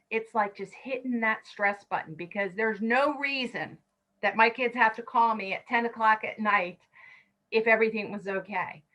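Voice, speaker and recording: A woman's voice: on the high side, pushed and bright, lo-fi sound. A woman in her fifties from California, leading an online stress management class, talking listeners through breathing counts with chatty personal asides.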